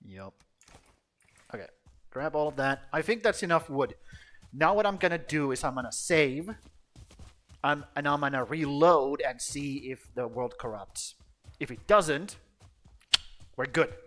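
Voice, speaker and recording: A man's voice: fairly high pitch, lively intonation, measured pace, pauses often, a bit bright. A man chatting casually while streaming a game, rambling and swearing bluntly. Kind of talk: casual gameplay chat.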